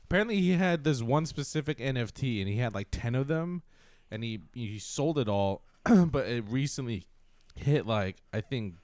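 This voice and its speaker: A man co-hosting a casual podcast, rambling through his points with plenty of filler words and swearing. His voice sits in a middle pitch and sounds dry and close to the mic. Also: animated, normal speed, a little mellow, no room sound. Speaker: podcast co-host. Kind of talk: casual chat.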